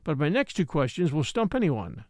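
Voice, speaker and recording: A man reading the part of an impatient, irritable doctor with sharp, exasperated speech, in an audiobook. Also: on the high side, big pitch swings, moderate pace, no room sound, studio quality.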